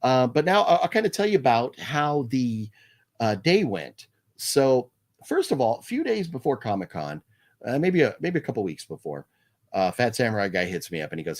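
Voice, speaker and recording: A man's voice: medium pitch, sing-song, normal speed. A man hosting a live movie news stream, chatting casually and rambling, with many fillers and restarts while he reads viewer comments aloud.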